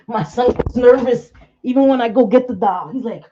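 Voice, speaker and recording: A woman's voice: a little high, measured pace, warm tone. A middle-aged woman hosting a casual livestream from home, chatty and laughing often as she talks to viewers by name. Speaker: livestream host. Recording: dull lo-fi stream audio.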